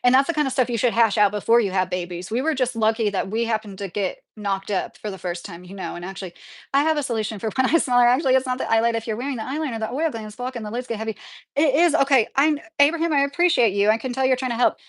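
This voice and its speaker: A woman with a slightly high voice hosts a casual live chat. She talks back to her viewers' comments in a loose, chatty way and laughs often. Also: fast talker. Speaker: livestream host reading viewer comments.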